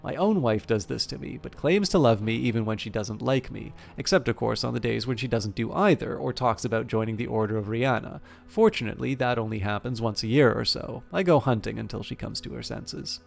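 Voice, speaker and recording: A man's voice: mid-range voice, brisk, vocal fry, hardly any pauses. A man voicing a proud, hot-tempered male elf warrior who swears oaths and speaks sardonically. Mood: wry.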